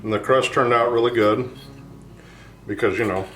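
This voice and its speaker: A man tastes a homemade dessert and describes its flavors in a slow, thoughtful casual chat. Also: mid-range voice, steady tone, a bit bright. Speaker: husband tasting food. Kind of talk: casual food-tasting chat. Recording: roomy, mic at a distance, faint music.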